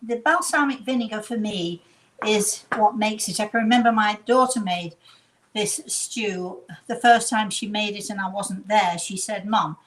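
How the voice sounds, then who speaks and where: A woman's voice: medium pitch, moderate pace, rough recording. Chatty English woman cooking at home. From England. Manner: chatty, rambling, self-deprecating asides. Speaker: cooking show host. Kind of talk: casual home cooking demonstration. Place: home kitchen.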